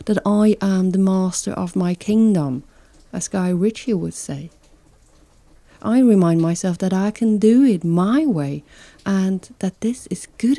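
A woman narrating a calm, reflective personal monologue, slowly and thoughtfully, at times dropping into a soft whisper. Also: mid-range voice, no echo.

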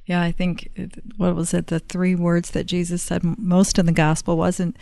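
Woman host, mellow gravelly voice, soft and reflective. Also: lowish voice, level tone, moderate pace, dry recording. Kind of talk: casual interview chat.

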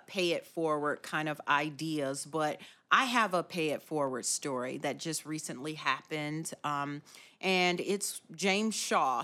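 Slow, low-voiced woman podcast host. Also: fairly bright tone. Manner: earnest, encouraging, many fillers. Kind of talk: casual chat.

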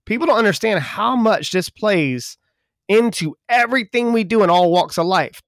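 A man from Charleston, co-hosting a podcast in casual chat; he talks fast and folksy, with jokes. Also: sits high, no echo, studio quality. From Charleston, South Carolina, US. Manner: talks fast when excited, folksy and joking. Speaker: podcast co-host.

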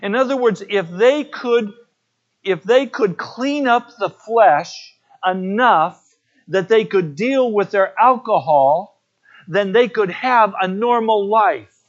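A man's voice: high-pitched, expressive, slow pace, muffled recording. A man preaching a sermon as pastor, telling personal stories in an earnest way.

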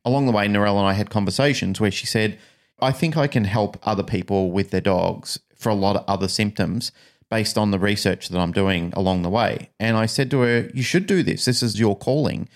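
A man co-hosting a casual podcast, telling stories in an animated, emphatic way. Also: on the low side. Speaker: podcast co-host.

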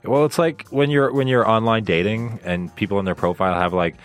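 A man co-hosting a casual group podcast, cracking deadpan, sardonic jokes. His voice is very deep. Faint music runs underneath. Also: fairly quick. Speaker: podcast co-host.

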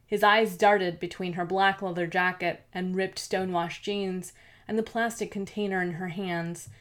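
A woman reads a novel aloud in a steady, measured voice that sits on the lower side. It's scripted audiobook narration, even and unhurried.

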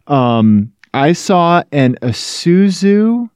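A man's voice: fairly high pitch, drawn-out words, clear, resonant tone, no echo, studio quality. Chatty man co-hosting a podcast. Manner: animated, chatty, jokey. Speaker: podcast co-host. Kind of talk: casual chat.

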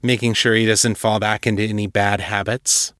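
Guy as a wary, guarded man, dry and low, kinda clipped. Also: flat delivery, moderate pace, fairly bright tone, no echo, natural voice.

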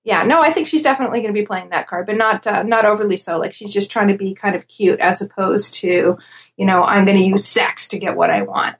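A woman with a mid-range voice chats casually on a podcast, breaking down contestants at an easy clip. She fills pauses with "um" and "uh" and laughs easily. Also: medium pitch. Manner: chatty, laughs easily, many fillers. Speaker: podcast guest analyst.

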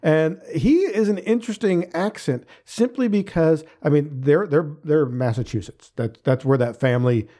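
A man's voice: on the high side, normal speed, few pauses, warm tone. A middle-aged man co-hosting a casual movie review podcast, rambling and circling back with frequent restarts. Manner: rambling, restarts often, hedging. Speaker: podcast co-host.

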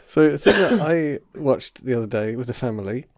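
A man's voice: mid-range voice, lively intonation, fairly quick, a little mellow, slight background noise. A man from England co-hosting a podcast in casual chat, rambling and searching for words with many restarts. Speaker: podcast co-host.

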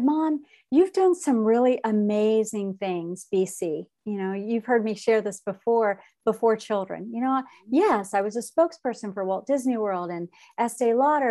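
A woman's voice: on the high side, normal speed, hardly any pauses, mellow. A middle-aged woman, a podcast guest telling an emotional personal story and acting out what others said. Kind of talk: conversational storytelling.

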